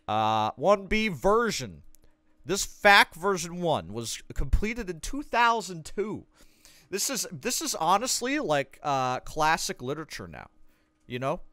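A man's voice: fairly high pitch, a bit bright, no room sound. A man streaming a game, casually reading a guide aloud with sarcastic joking asides. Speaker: gaming streamer.

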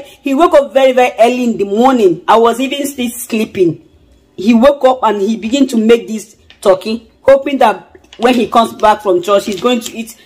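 In a casual vlog, a woman with a Nigerian accent speaks directly to her viewers, fretting aloud and returning to the same worries as she repeats her lines. Her voice is fairly high, darkish and husky, and the recording is rough. She comes across as chatty and anxious.

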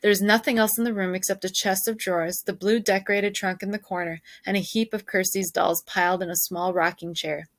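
A woman's voice: mid-range voice, steady tone, brisk, hardly any pauses, no room sound. A woman teacher reading a novel aloud to her students, stopping to ask questions and explain.

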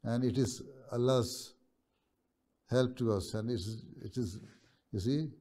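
Give me a mellow man on a video call, calm and measured, guiding young students in a q and a. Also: mid-range voice. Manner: measured, pausing, often checking with "right?". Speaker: religious leader answering students. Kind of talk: video-call question and answer.

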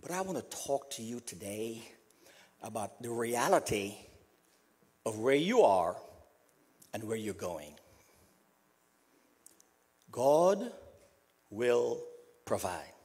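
A man from South America preaching a funeral sermon as pastor, repeating a refrain softly and building to emphatic passages. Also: very animated, unhurried, pauses often, slightly rough. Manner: repeats a refrain, dropping to a soft low voice.

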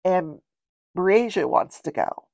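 A woman's voice: fairly low pitch, animated, slow pace, vocal fry, darkish tone, no room sound. An older woman hosting a show, recapping a trial in a chatty, rambling way with wry asides. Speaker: true-crime show host.

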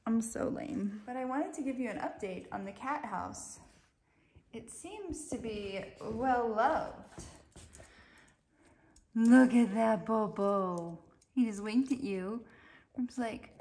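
A woman's voice: fairly high pitch, slow pace, pauses often. A middle-aged woman vlogging casually from her home kitchen, chatting to her viewers and her pets with self-mocking humor. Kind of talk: casual vlog chat.

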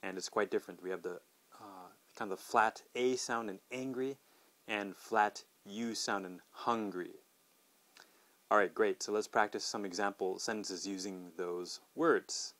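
A middle-aged man hosting a podcast English pronunciation lesson, modeling words slowly and clearly and asking listeners to repeat after him. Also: lowish voice, fairly even intonation, a bit bright.

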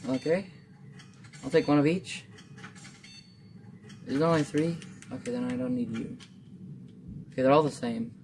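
A gamer in casual gameplay commentary, muttering playfully to themselves and to the game, with sudden excited outbursts. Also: mid-range voice, moderate pace, gravelly, long pauses, noisy background. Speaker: gamer playing a survival game.

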